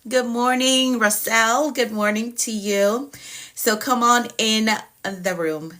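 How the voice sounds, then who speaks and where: Woman, productivity coach, live-stream host, bright tone, upbeat, welcoming. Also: a little high, level tone, takes it slowly. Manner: upbeat, welcoming, repeats greetings to viewers by name. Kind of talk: casual live-stream greeting.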